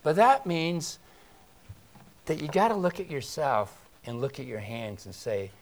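A male pastor giving a conversational sermon, asking his congregation rhetorical questions and swinging between loud emphasis and quiet asides. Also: fairly high pitch, a little slow.

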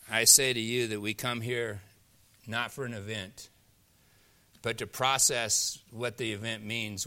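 A male pastor delivers a sermon with a bright, forceful tone. He retells scripture as lively stories, pressing hard on key lines and then dropping to a hush. His delivery is animated and emphatic throughout. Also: mid-range voice. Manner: animated storytelling preacher, swings between loud emphasis and soft hushed lines.

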